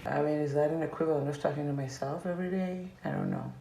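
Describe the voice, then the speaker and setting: A woman's voice: sits low, fairly even intonation, fast talker, gravelly, dark tone, rough recording. A young woman vlogging a casual, meandering life update, her throat sore and strained from talking. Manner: meandering, reflective, trailing off.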